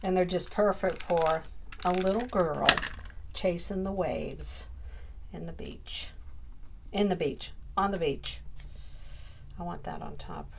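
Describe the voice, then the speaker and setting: A middle-aged woman from Maine talks through her crafting at an unhurried pace, half to herself and half to her viewers. Her chat is casual and homey, with a faint hiss of room noise behind her. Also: fairly low pitch, animated, gravelly. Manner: chatty, muttering to herself while working. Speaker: crafting YouTuber.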